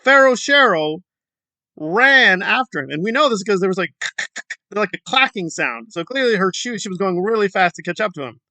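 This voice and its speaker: A man's voice: high voice, expressive, normal speed, bright, forceful tone, dry recording. A man hosting a sarcastic online commentary, scoffing and rambling through asides. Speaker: commentary channel host.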